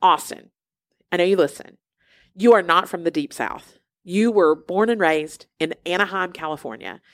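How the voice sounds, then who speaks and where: A woman co-hosting a podcast, telling stories and ranting in a sarcastic, animated way. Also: on the low side, moderate pace, no room sound, studio quality. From US South. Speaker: podcast co-host. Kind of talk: casual chat.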